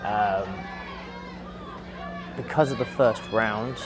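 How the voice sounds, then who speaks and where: A man's voice: fairly low pitch, moderate pace, a crowd in the background, background noise. A young man, a boxer, vividly recounting his fight in a documentary interview. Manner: vivid, animated retelling with breathy asides.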